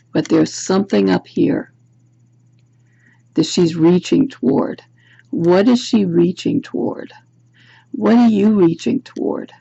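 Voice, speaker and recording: A woman records herself at home with her camera's built-in mic, giving a tarot reading while musing aloud and asking viewers reflective questions. Her fairly low voice is mellow and slightly rough with vocal fry, and the audio is muffled.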